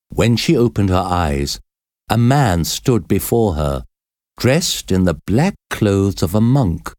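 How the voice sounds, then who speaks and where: A man narrating a storybook in a measured, expressive reading. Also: fairly low pitch, no room sound, clean studio sound.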